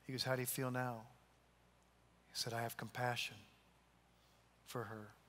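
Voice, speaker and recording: A man preaching a sermon, telling a story and acting out the voices in it, sometimes dropping to a soft, hushed tone. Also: medium pitch, little pitch movement, moderate pace, a little hiss or hum. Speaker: pastor. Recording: long hall reverb.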